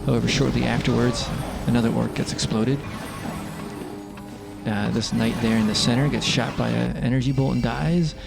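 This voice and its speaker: A man narrating a roleplay game session in a casual, wry, deadpan way. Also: medium pitch, moderate pace, gravelly, over music.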